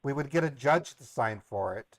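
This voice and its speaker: A man's voice: medium pitch, animated, normal speed, dry recording. A man playing a flustered, indignant victim on a prank call, protesting his innocence in long defensive runs. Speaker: scambaiter posing as a caller. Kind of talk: prank call role-play.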